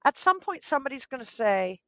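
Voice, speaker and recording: A woman with a somewhat high voice, talking earnestly as a guest in an interview and giving gentle, practical advice. The sound is dull and lo-fi, with a dry, close feel. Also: big pitch swings, fairly quick, dry recording. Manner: earnest, gently advising, acts out quoted speech. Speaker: guest, dog trainer. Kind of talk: podcast interview.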